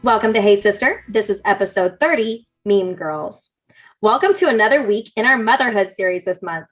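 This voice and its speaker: A hoarse woman hosting a podcast, chatty and laughing often. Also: medium pitch, lively intonation, moderate pace, soft background music. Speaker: podcast host. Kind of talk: casual podcast chat.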